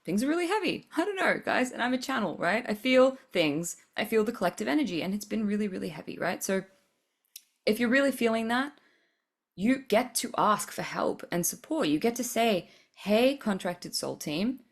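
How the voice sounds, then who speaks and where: A woman's voice: fairly high pitch, animated, brisk. A woman hosting a spiritual podcast, giving a blunt, profane tough-love pep talk with frequent laughs. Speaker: podcast host.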